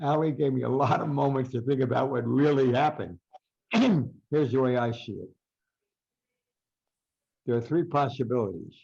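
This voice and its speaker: Older male storyteller, gravelly, husky, animated, dull lo-fi audio. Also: mid-range voice. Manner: animated storyteller, acts out quotes loudly. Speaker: guest boxing writer. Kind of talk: storytelling interview.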